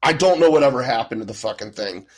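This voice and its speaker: A man from the American Midwest, telling an anecdote on a podcast in a relaxed, rambling way. He swears often and drifts through many fillers. His voice sits at an ordinary middle pitch. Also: fast talker, low-quality recording. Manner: laid-back, profane storytelling. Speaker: podcast co-host. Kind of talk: casual chat.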